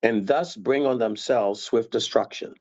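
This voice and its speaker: Animated male Bible teacher, dull sound. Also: mid-range voice, measured pace. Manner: animated, acts out voices and tones to demonstrate. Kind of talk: conversational scripture teaching.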